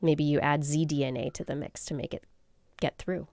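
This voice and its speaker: A woman's voice: low-pitched, fairly even intonation, moderate pace, darkish tone, no room sound. A woman co-hosting a science podcast, explaining research in a chatty, playful way.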